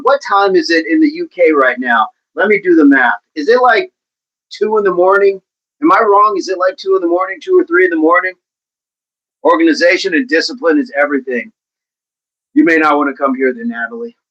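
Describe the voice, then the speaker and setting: A man's voice: a little high, fairly quick, a bit bright, dull audio. A man hosting a casual livestream, reading out viewers' comments and chatting back to them in a playful way. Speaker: livestream host reading chat.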